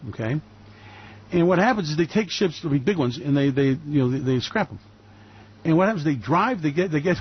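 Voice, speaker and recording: A man's voice: a little high, breathy edge, dry recording, lo-fi sound. A man hosting a radio show, talking in a rambling, emphatic monologue full of fillers and restarts. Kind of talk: opinionated monologue.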